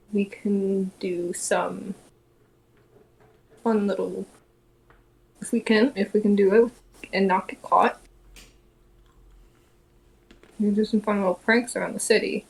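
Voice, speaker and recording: Soft, coaxing young schemer played by a woman, low-key and hushed. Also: gravelly. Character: scheming young man luring with pranks.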